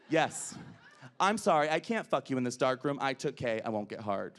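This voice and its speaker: Brash drag comedian doing crowd work. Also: male voice, mid-range voice, sing-song, normal speed, fairly bright tone. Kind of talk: stand-up comedy. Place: comedy club stage.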